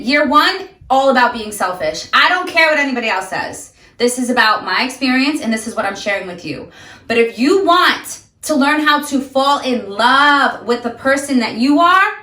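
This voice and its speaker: A woman delivers an emphatic, ranting motivational talk directly to her viewers. Her voice is fairly high and bright with a forceful edge. She sounds like she is recording in an echoey room, set back a little from the microphone. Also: distant mic. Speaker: sobriety vlogger. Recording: echoey room, voice a bit off-mic.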